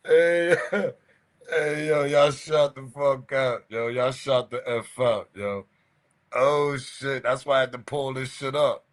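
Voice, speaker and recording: A man hosting a livestream, reacting to viewer chat with constant bursts of laughter and loud repeated exclamations. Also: mid-range voice, takes it slowly. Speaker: livestream host.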